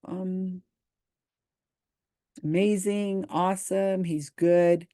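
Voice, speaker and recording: A woman's voice: on the low side, steady tone, very slow, warm tone, no echo. A woman casually commenting on video comments, reading them aloud and answering in a dry, skeptical way.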